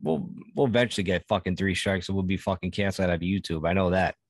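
Low-voiced laid-back male podcast host. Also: quick pace, dry recording, studio quality. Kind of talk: casual chat.

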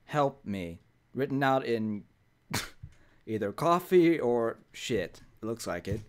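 A man's voice: medium pitch, sing-song, slow pace. Joking man doing let's play commentary. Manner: joking, reads on-screen text aloud. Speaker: gaming video host.

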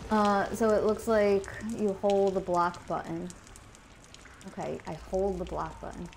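A woman's voice: medium pitch, level tone, a little slow, vocal fry, darkish tone, slight background noise, poor audio. A woman streaming a video game, talking casually to her chat and swearing often out of frustration. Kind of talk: casual live gameplay commentary.

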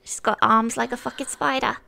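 A woman streaming a game, giving casual, profane and excitable commentary. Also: fairly high pitch, fairly quick, gravelly.

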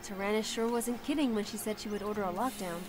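Calm priestess from a game, a woman voicing her, composed, mid pitch. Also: quick pace, loud music behind the voice, close to an everyday voice. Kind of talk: video game voice acting.

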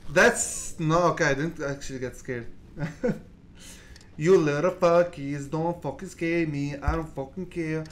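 A gaming channel host giving laid-back let's play commentary, mumbling and swearing, then yelling at the monsters. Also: medium pitch, unhurried.

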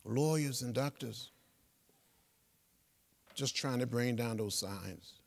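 A man, giving an inspirational speech in a rhythmic, preacher-like cadence with repeated phrases that swell to loud peaks. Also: medium pitch, slow, creaky. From Alabama. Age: 70s. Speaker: guest speaker. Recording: long reverb of a big hall.

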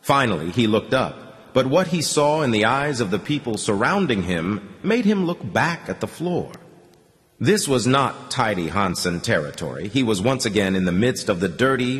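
Male audiobook narrator, low voice with wide swings, dramatic. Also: in a large hall. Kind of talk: scripted narration.

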